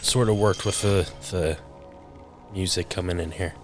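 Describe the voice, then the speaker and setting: A man giving casual gameplay commentary on a live stream, halting and hesitant, with many fillers. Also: low voice, fairly even intonation, soft background music. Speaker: streamer playing the game.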